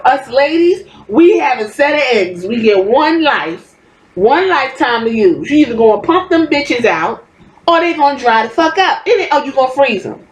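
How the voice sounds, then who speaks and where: Woman, podcast host, profane heated rant, higher voice. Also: big pitch swings, normal speed, rough recording. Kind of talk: opinionated commentary rant.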